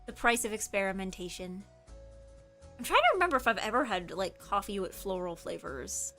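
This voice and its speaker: A woman's voice: mid-range voice, very animated, normal speed, bright, forceful tone, soft background music. A woman streamer in casual chat, rambling and correcting herself, with lots of filler words. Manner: rambling, chatty, many filler likes, self-correcting.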